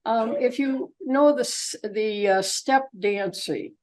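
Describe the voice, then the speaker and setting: A woman's voice: a little high, takes it slowly, darkish tone, poor audio. An older woman presenting a travelogue to a group in a chatty, rambling way, with many fillers and asides. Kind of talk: informal slide presentation to a group.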